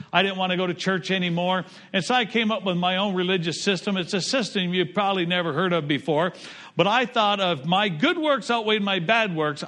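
A middle-aged man preaching a sermon as pastor, rising to loud lines and dropping to quiet ones. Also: high voice.

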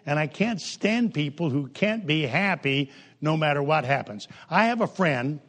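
An older male preacher with a slightly high voice gives a folksy, joking sermon. He swings between quick asides and slow, weighty lines. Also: lively intonation, a bit bright. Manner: folksy, joking, with sudden jumps in pitch and pace. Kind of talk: humorous sermon.

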